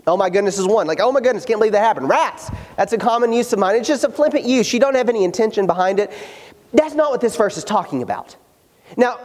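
A pastor preaching a sermon, earnest and emphatic, slowing down to stress the scripture he quotes. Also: very high voice. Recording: hall reverb.

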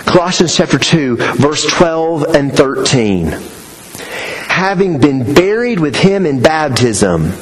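A man's voice: fairly high pitch, low-quality recording. A man in his thirties preaching a sermon, emphatic, asking rhetorical questions and answering them himself. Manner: emphatic, rhetorical questions, lively rises and drops.

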